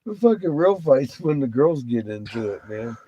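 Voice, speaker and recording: A man's voice: medium pitch, very animated, moderate pace, warm tone, husky, no echo, poor audio. A man chatting casually as a guest, joking and cursing, often breaking into laughter. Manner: laughs often, profane banter. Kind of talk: casual late-night chat.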